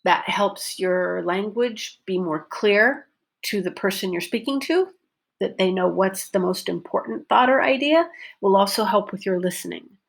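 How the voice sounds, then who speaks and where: Slow, deliberate woman teaching pronunciation. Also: mid-range voice, lively intonation, vocal fry. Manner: slow, deliberate, exaggerated stress on model sentences. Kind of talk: recorded language lesson.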